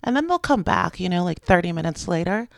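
A woman in her thirties chats and tells stories, laughing often. Her morning voice comes out gravelly and a little rough. The recording is dry and close. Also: lowish voice, lively intonation, a little fast, no room sound. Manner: chatty storyteller, laughs often. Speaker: podcast co-host. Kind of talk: casual chat.

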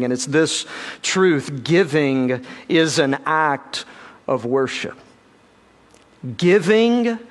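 A man preaching a sermon to his congregation, emphatic, slowing down and dropping low on key words, with touches of light humor. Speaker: pastor.

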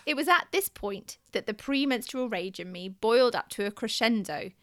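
A woman co-hosting a podcast, reading a listener's letter aloud in an expressive, storytelling way and chatting in between. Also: fairly high pitch, moderate pace, no echo, clean studio sound. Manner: expressive storytelling, often laughing.

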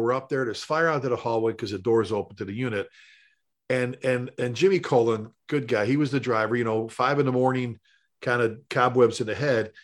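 A middle-aged man, a firefighter and paramedic, telling rambling, animated stories in casual conversation. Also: medium pitch. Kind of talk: conversational storytelling.

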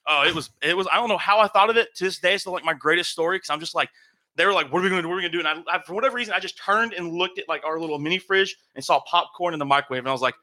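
A young man casually telling a long, animated story, swearing and acting out what people said. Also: sits high, rapid-fire. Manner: animated, swearing, acts out quotes.

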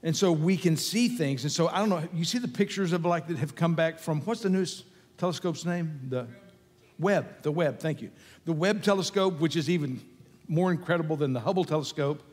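A pastor delivering a sermon in a slightly high voice. He preaches emphatically, repeating phrases as his intensity builds. The sound carries a long reverb, as in a church sanctuary. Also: a little fast, darkish tone.

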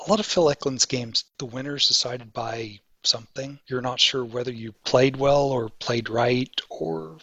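A man's voice: medium pitch, moderate pace, hardly any pauses, sharp tone, husky, no room sound, dull audio. A man co-hosting a podcast, explaining things at length in eager, casual chat. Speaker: podcast co-host.

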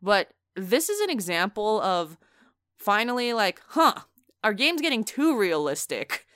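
A woman's voice: medium pitch, big pitch swings, measured pace, a bit bright, no echo. Woman, casual gaming chat, filler-heavy, sarcastic, dry close mic. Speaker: video game podcast co-host.

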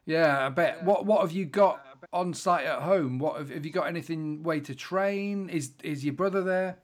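Slightly high-voiced male co-host. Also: moderate pace. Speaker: podcast co-host. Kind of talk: casual chat.

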